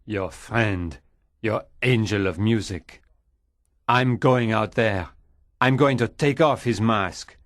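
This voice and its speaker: A jealous young man speaks in a low, slow, bitter voice, read by a male storyteller. His lines come out intense and suspicious. The sound is dry and close. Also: dry recording. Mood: determined. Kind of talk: audiobook character voice.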